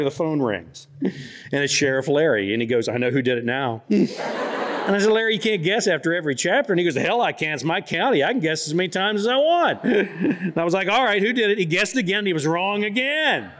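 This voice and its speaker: Middle-aged male author, folksy storyteller, rambling with lots of fillers, medium pitch. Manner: folksy, drawn-out anecdotes full of "you know" and "like". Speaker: author speaking at a book festival. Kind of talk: humorous storytelling talk. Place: church hall.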